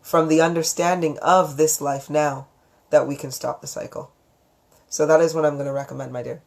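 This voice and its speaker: A woman hosting a live psychic stream, talking in a calm, gentle, affectionate way as she counsels viewers on relationships and reads out their comments. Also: low voice, moderate pace, gravelly. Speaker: psychic reader and channel host.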